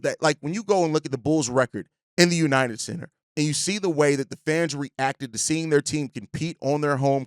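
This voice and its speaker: An earnest man hosts a casual sports podcast, his voice slightly higher than most men's. He talks in long run-on sentences and tags them with "right?". The sound is dry and close. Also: no echo.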